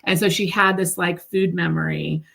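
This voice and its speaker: A woman with a notably low voice and a gravelly edge tells stories in a relaxed interview. She speaks earnestly and loosely, stacking fillers and restarts as she thinks aloud, from her home. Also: normal speed, slight background noise. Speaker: guest, food nonprofit executive director. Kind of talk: casual interview chat.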